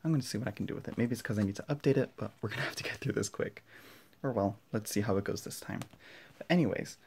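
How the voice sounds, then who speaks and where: A young man unboxing and walking through a card deck at home, excitable and gushing, often dropping to a hushed voice so his family won't hear. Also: lowish voice, fast talker, slight background noise. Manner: excitable, gushing, drops to whispers; talks quietly with family nearby. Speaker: tarot vlogger. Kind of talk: casual unboxing vlog. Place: indoor room at home.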